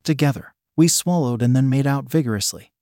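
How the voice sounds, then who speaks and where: A man reading a first-person story aloud in a steady, even way. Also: medium pitch, a little fast, no echo, clean studio sound. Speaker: narrator.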